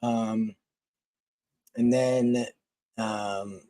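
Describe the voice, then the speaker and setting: Philly guy rambling on his live stream, slow, mellow, lots of ums, dry close mic. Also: on the low side, fairly even intonation, no room sound. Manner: rambling, many ums and restarts. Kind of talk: casual live-stream chat with viewers.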